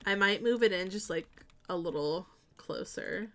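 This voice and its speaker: Young woman streamer, casual chat while building, giggly, excitable, mid-range voice, keyboard clicks behind. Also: medium pitch, moderate pace. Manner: chatty, giggly, bursts of excitement.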